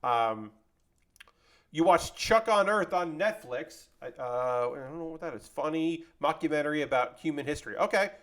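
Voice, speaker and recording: A man's voice: fairly high pitch, normal speed. A man chatting casually with his live-stream audience while building a model kit, rambling and joking as he goes. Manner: rambling, animated, jokey, talks to chat.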